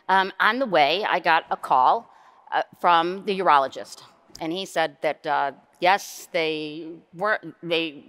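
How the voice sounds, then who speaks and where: A middle-aged nurse researcher giving a plenary conference lecture. She speaks in a conversational, wry way and often jumps up in pitch for emphasis. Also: a bit bright, clear, resonant tone.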